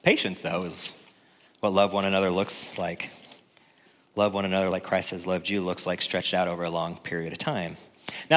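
A man preaching as a pastor, conversational and joking, swinging from loud to hushed. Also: fairly low pitch, fairly quick. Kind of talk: sermon. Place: church sanctuary. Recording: long reverb in a church hall.

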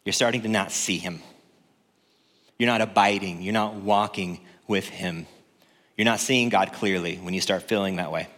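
A man preaching as a pastor, conversational and joking, swinging from loud to hushed. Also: sits low, normal speed. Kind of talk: sermon. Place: church sanctuary. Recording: long reverb in a church hall.

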